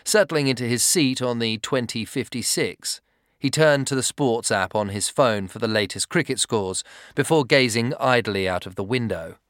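A man reads a story in a measured, steady way. His pitch sits in the middle range, neither high nor low. The recording is dry and close, with no room sound. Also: no room sound. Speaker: narrator. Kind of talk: scripted narration.

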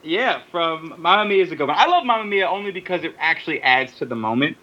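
A man co-hosting a podcast in casual, joking chat, quick to laugh. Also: fairly high pitch, lively intonation, pushed and bright. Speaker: podcast co-host. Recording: dull lo-fi audio.

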